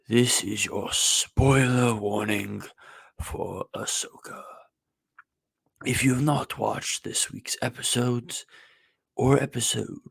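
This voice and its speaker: A man delivering a theatrical spoiler warning in a slow, dramatic way, dropping to a whisper. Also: lowish voice, vocal fry, breathy edge, dry recording. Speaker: co-host giving spoiler warning.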